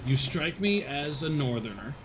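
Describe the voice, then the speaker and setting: Male streamer, casual rambling chat with laughs, fairly high animated voice, audible background noise. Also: normal speed. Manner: rambling, swears, laughs often; chats with unheard viewers, reads chat.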